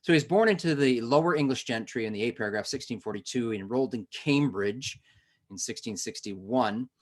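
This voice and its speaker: A man with a medium-pitched, fairly quick voice teaches a history lesson on a recorded webinar, conversational in tone, with asides and self-corrections.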